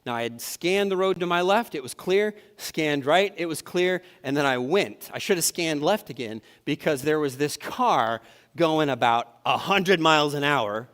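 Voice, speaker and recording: A pastor telling a story in a casual, self-deprecating way during a sermon. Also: male voice, a little high, animated, normal speed, fairly bright tone. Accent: Upper Midwest American. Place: church sanctuary. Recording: live church sermon with hall reverb.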